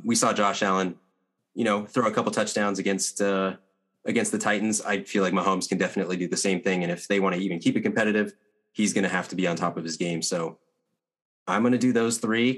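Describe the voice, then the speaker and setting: A man co-hosting a casual sports betting chat, confident and talking in quick bursts. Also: on the low side, fairly even intonation, fairly bright tone. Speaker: podcast co-host.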